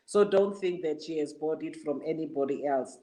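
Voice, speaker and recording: A speaker giving warm, proud congratulations on a book launch. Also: male voice, fairly high pitch, normal speed, roomy sound. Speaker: guest speaker.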